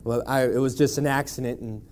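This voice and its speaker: A man's voice: medium pitch, fairly even intonation, a little fast, a little mellow, slight background noise. A man in his thirties from Buffalo, New York, giving a personal testimony in church with a wry, conversational storytelling manner. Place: church sanctuary.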